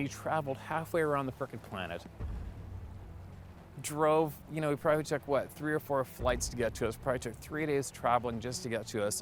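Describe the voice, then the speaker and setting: A man hosting a hunting channel who tells a story in a casual, animated way, with plenty of emphasis and cursing. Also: medium pitch, slight background noise.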